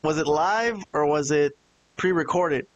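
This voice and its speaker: A man's voice: fairly high pitch, measured pace, dull audio. Casual male podcast host, faint hiss. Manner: storytelling, hesitant fillers, steers the talk.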